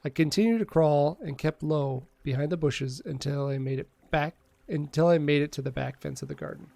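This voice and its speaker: A man's voice: fairly high pitch, a little fast, vocal fry, a little mellow, no room sound. A man streaming a game, casually reading its dialogue aloud and joking with viewers between lines, on a close desk mic at home. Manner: casual, joking, reads text aloud with asides.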